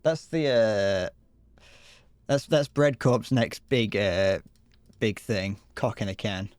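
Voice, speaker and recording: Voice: medium pitch, slow, a little mellow, no echo. A livestreamer improvising a silly mock advert while gaming, giggling and stumbling over words.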